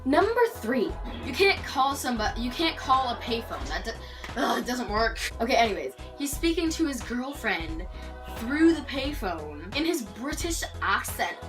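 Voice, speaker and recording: Teen girl from canada doing an animated storytime, highish voice, bit far from the mic, loud music behind. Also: normal speed. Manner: animated storytelling, acting out quotes. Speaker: vlogger. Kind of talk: storytime vlog.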